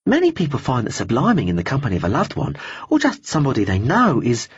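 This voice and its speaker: A man's voice: mid-range voice, wildly swooping pitch, fast talker, breathy edge, no echo, dull audio, pitched above the performer's own voice, exaggerated voice. Brief: an eager, preachy young zealot, as a man puts him on, lifted and swooping, audiobook. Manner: gushing, sermonizing.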